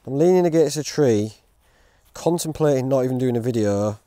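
Grumbling man, mellow voice. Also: medium pitch, expressive, moderate pace, no room sound, clean studio sound. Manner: grumbling, rambling and self-mocking. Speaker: outdoor gear reviewer. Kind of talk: casual vlog chat. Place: outdoors in woods.

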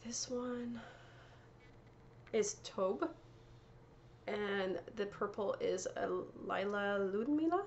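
A woman hosts a knitting podcast, casually showing off her yarn and prizes while often correcting herself and laughing. Her voice is medium-pitched, with a slight hiss or hum in the recording.

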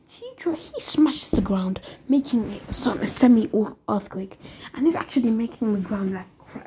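A young woman casually retelling a fan-fiction story as a YouTuber, rambling in a soft, whispery way. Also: fairly high pitch, noisy background.

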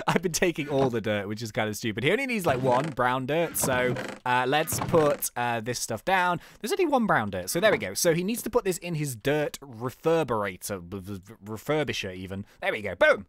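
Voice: mid-range voice, sing-song, normal speed, a little hiss or hum. A video game host giving chatty, self-mocking let's play commentary with lots of laughs.

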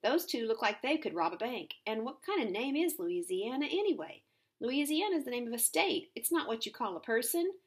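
A woman's voice: fairly high pitch, very animated, fairly quick, pitched above the performer's own voice. A woman voicing a tough, scornful young girl who talks bluntly and bossily.

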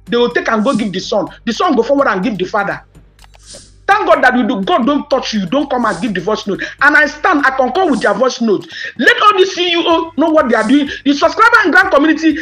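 Nigerian woman ranting hard, high voice, pidgin and english mixed. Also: very animated, fairly quick, fairly bright tone, soft background music. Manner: emphatic, rising to outraged questions, mixing Pidgin and English. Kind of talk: impassioned monologue.

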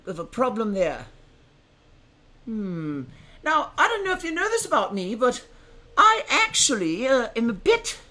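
Brief: man, live-stream host, theatrical and self-mocking, high voice that swings widely in pitch. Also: bright, forceful tone. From United States. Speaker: streamer hosting his first live stream. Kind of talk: casual live-stream chat.

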